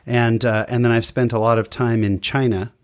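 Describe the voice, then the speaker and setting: A man's voice: mid-range voice, flat delivery, moderate pace. A man interviewing a guest in a casual chat, friendly and encouraging with joking asides.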